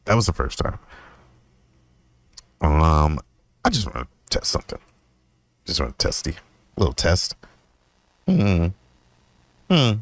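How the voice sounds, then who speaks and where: A very deep-voiced young man hosts his own podcast, rambling through a personal story and swearing freely. He speaks a little slowly with frequent pauses and huge pitch swings, laughing often and jumping into higher voices when quoting himself. The sound is close and dry, without room echo.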